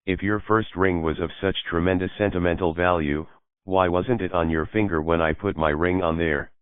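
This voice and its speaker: Man doing a defensive young dude, deep smooth voice, tinny and dry. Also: steady tone, moderate pace, no echo, close to an everyday voice. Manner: defensive, exasperated. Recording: dry, phone-like lo-fi audio.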